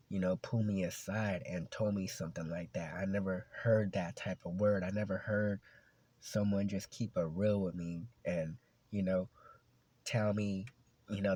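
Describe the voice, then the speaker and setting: A man's voice: low voice, a little mellow, dry recording. A young man casually telling a story from his school days, talking in loose slang with lots of "like" and "you know".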